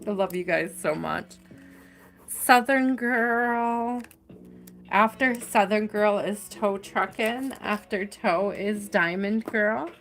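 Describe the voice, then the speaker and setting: A woman hosting a live tarot reading, talking to her viewers in a chatty, affectionate way and stretching out the words she stresses. She sounds tired and keeps yawning as she goes on. Soft music plays faintly behind her. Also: mid-range voice, vocal fry. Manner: chatty and affectionate, drawn-out stresses, frequent laughs. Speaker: tarot reader.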